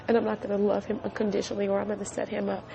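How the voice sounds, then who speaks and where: A woman's voice: medium pitch, monotone, very fast, vocal fry, a crowd in the background. A middle-aged woman hosting a podcast, telling a personal story in an earnest, emotional way and repeating phrases for emphasis. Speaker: podcast host.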